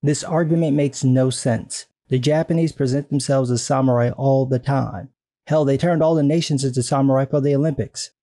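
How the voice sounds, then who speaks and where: A man's voice: mid-range voice, steady tone, moderate pace, dark tone, dry recording. A man delivering a sarcastic, indignant video commentary rant with frequent profanity.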